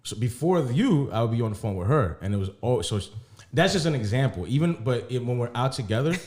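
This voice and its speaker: A man's voice: mid-range voice, animated, fast, a little mellow. Man swapping candid stories on a podcast. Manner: candid, profane storytelling. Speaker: podcast co-host. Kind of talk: casual chat.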